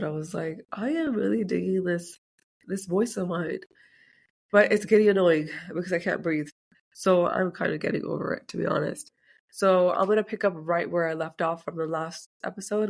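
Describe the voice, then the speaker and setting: Congested podcast host, stuffy sick voice. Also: medium pitch. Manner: chatty, rambling, says "like" often. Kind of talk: casual solo podcast chat.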